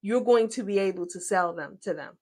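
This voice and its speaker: A woman co-hosting a business talk, explaining marketing in an energetic, explanatory way. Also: mid-range voice, fairly quick. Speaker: co-host. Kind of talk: business advice discussion.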